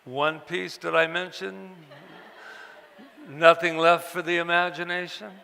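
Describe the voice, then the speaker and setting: A man telling personal stories to an audience at a book event, halting and repeating words, acting out the voices of people he quotes. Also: on the high side, flat delivery, gravelly, sharp tone, clean tone. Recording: long hall reverb.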